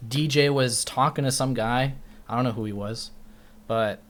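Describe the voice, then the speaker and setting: A man's voice: medium pitch, moderate pace, fairly bright tone. Rambling, foul-mouthed male streamer. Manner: rambling, profane, self-interrupting. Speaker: livestreamer. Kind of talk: casual storytelling.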